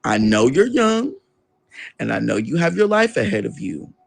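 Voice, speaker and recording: A young man with an average-pitched voice tells a story from his own life in an interview. He is animated and conversational, and he swears freely. He slips into the voices of the people he quotes. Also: normal speed, gravelly. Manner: swears casually. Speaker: guest.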